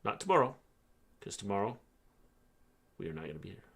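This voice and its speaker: Teasing middle-aged man, lively pitch. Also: fairly quick, creaky, slightly rough. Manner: teasing, joking banter. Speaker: co-host. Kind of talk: casual livestream chat.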